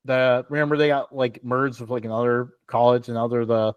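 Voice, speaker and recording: A man's voice: medium pitch, level tone, a little fast, clear, resonant tone, no echo, muffled recording. A young man co-hosting a casual sports talk show, rambling with lots of fillers and laughs. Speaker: podcast co-host.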